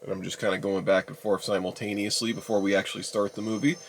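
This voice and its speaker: A young man in his twenties giving casual, rambling video commentary, exasperated and addressing his viewers as ladies and gentlemen. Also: fairly low pitch, level tone, quick pace, a little hiss or hum. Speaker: YouTuber reviewing a DVD player.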